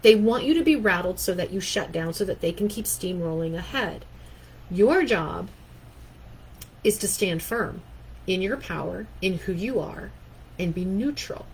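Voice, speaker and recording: A woman's voice: medium pitch, animated, measured pace, a little hiss or hum, rough recording. A woman in her fifties, a workplace coach, talking conversationally and often checking in with "right?". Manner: conversational, keeps asking "right?". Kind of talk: talking-head coaching talk.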